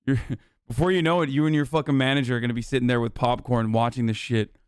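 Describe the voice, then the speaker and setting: A man streaming live reaction commentary, animated, incredulous and full of swearing. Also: medium pitch, quick pace, clear, resonant tone, no room sound, studio quality.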